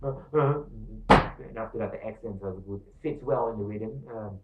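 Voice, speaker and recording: Man in his own voice teaching percussion, counts beats aloud and explains slowly; distant, thin phone-like recording in an echoey room. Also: fairly low pitch, heavy background noise. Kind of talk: instructional demonstration.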